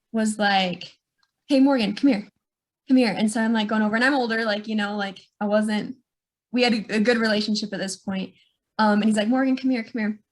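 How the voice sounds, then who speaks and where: A young woman telling a personal memory in a reflective, unhurried way, with many fillers. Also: medium pitch. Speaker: niece sharing a memory. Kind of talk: casual storytelling.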